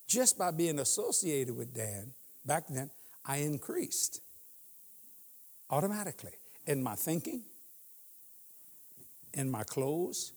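Husky-voiced preacher in his sixties. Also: a little high, sing-song, slow, long pauses, darkish tone, in a large hall. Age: 60s. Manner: humorous storytelling, laughs often. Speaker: guest preacher. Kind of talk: sermon. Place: church.

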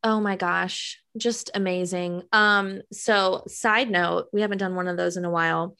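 A woman's voice: on the low side, steady tone, a little slow, vocal fry, sharp tone, clean tone. Chatty woman podcast co-host. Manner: chatty, uses many fillers. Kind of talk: casual chat about a TV show.

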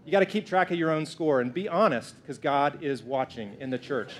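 A man's voice: fairly high pitch, a little fast, a little hiss or hum. A man in his thirties, a pastor, preaching a sermon in a church in a playful, joking way. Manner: playful, lively, jokes with the congregation.

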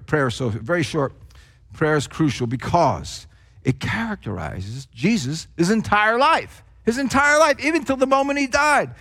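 An older man from New Jersey delivers a sermon in a high, light voice. He leans hard on stressed words, then lets his phrases sink to quiet, drawn-out endings. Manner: emphatic, swings between hushed drops and raised stresses. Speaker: pastor.

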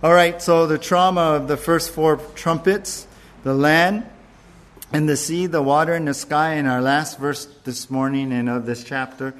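Conversational man preaching, slightly high voice. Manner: conversational preaching with fillers and restarts, slowing for emphasis. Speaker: pastor. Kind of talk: sermon.

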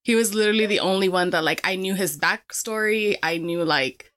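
A woman's voice: mid-range voice, a little fast, fairly bright tone. A woman chats as co-host of a casual podcast. She rambles, trails off and fills gaps with "like", giggling between thoughts. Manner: chatty, giggly, trails off with fillers. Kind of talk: casual chat.

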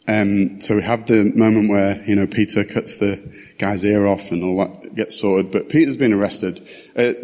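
A man with a fairly low voice delivers a relaxed sermon, moving between a scripture reading and chatty explanation with casual asides. His voice trails off into a long hall reverb. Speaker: preacher.

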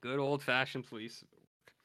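A man's voice: medium pitch, level tone, normal speed, sharp tone, clear, resonant tone. A man co-hosting a podcast, casually recapping a TV episode in a rambling way with lots of fillers and loose paraphrased quotes. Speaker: podcast co-host.

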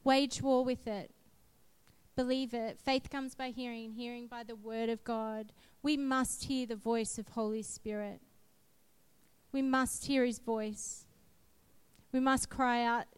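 A woman giving a sermon built around her own testimony, speaking slowly and deliberately. Her voice sits a little high and sounds smooth and clear. She tells her story earnestly and with emphasis. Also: steady tone. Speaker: preacher sharing testimony.

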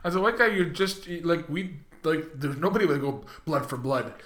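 A man's voice: on the high side, animated, normal speed, fairly bright tone, reverberant. A man chatting casually and reflectively, filling his talk with "you know" and "like". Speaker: podcast guest. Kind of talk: casual chat.

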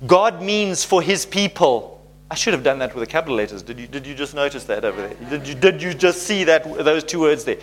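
A male pastor with a high-pitched voice preaches animatedly. He keeps his tone conversational and often checks in with the congregation. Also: animated, a little fast. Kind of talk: sermon.

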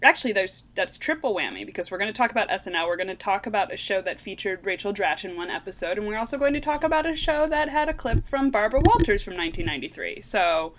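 A woman's voice: medium pitch, lively intonation, fast talker, hardly any pauses, a bit bright, slight background noise. A woman co-hosting a podcast in casual chat, with playful, teasing banter. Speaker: podcast co-host.

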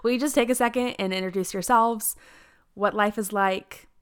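Soft-spoken Southern woman host. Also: medium pitch, normal speed, clean tone. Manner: soft, soothing, relaxed talk. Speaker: podcast host. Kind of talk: casual faith podcast chat.

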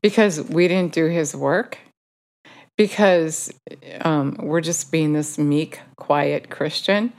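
Low-voiced woman giving an informal sermon. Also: slow, darkish tone. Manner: conversational, self-correcting while quoting scripture. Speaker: Bible teacher.

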